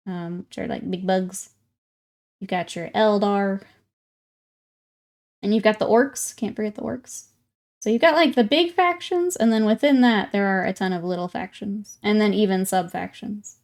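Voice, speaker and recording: A young woman chatting casually with her live-stream viewers while painting miniatures, laughing often and greeting newcomers. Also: mid-range voice.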